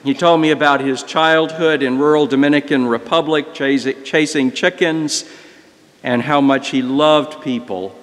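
An older man, a priest, telling a story in a sermon, reflective and gentle. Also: a little high, fairly even intonation, measured pace, in a large hall. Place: church.

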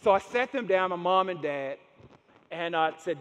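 A man's voice: high voice, expressive, normal speed, a bit bright. A man pastor preaching a sermon in a church, speaking emphatically and repeating key phrases for emphasis. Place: church sanctuary. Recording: long reverb in a large church hall.

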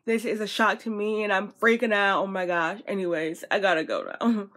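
A woman vlogging as an excited fan, gushing breathlessly and repeating herself. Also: mid-range voice, normal speed.

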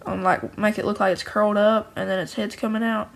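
A woman who makes her own card game goes through each card cheerfully and casually, rambling and often restarting her sentences. Her medium-pitched voice has vocal fry, little pitch movement and a slightly fast pace. The recording quality is low.

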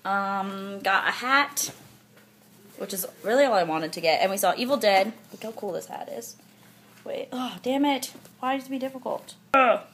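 A woman's voice: mid-range voice, normal speed, fairly bright tone, husky. A young woman talking casually to her camera in a daily vlog, chatty and goofy, filling her talk with "like". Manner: chatty and goofy, full of "like" fillers, jokes around. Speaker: vlogger.

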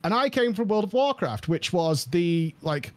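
A man guesting on a podcast, telling a story in an animated, emphatic way and laughing often. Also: high-pitched, moderate pace. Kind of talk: casual podcast chat.

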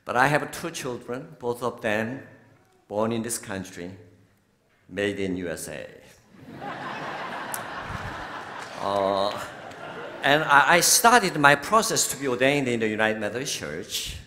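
A man's voice: medium pitch, lively intonation. A man in his sixties with a Korean accent, a bishop telling stories in a sermon, often laughing. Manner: warm storytelling, laughing often, slow and deliberate. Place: large church sanctuary. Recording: long hall reverb from a church.

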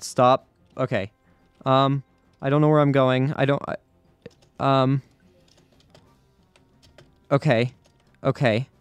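A man's voice: mid-range voice, no room sound. Anxious man narrating his own gameplay. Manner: anxious, repeats himself under pressure. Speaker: gaming YouTuber. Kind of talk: live gameplay commentary.

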